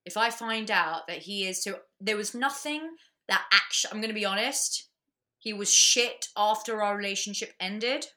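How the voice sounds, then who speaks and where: A woman, a guest on a casual chat podcast, talking bluntly and swearing freely with lots of quick restarts. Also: medium pitch, sharp tone.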